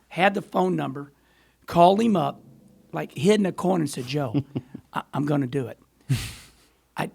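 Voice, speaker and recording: Middle-aged male guest, high gravelly voice, animated storyteller. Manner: animated, rambling storyteller who laughs often. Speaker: podcast guest, former racer. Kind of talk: storytelling in casual chat.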